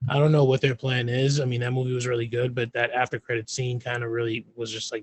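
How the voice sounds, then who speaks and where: A man co-hosting a casual chat, animated, retelling scenes in voices and swearing freely. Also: medium pitch, fast, hardly any pauses, rough recording. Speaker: podcast co-host.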